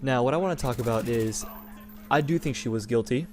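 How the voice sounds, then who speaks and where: A man's voice: mid-range voice, fairly quick, faint music behind. A young man hosting a gaming channel, talking in a rambling, indignant rant with many restarts. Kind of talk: casual opinion rant over gameplay.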